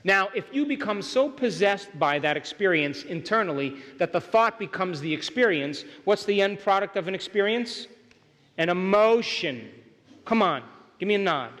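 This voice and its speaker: This man's voice sits high, with an expressive, fairly bright quality and a moderate pace. He gives an emphatic motivational lecture at a workshop, frequently checking in with the live audience, his words echoing with long hall reverb.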